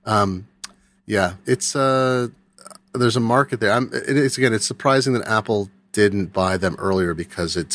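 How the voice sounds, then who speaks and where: Wry low-voiced man hosting a podcast. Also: fairly bright tone. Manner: wry, joking, rambling asides. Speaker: podcast host. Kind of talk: casual tech podcast chat.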